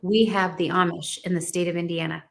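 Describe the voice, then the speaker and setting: A woman's voice: lowish voice, steady tone, brisk. A woman who is a candidate and guest on a talk show, speaking earnestly and in a preachy way. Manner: earnest, preachy, quotes scripture. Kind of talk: interview conversation.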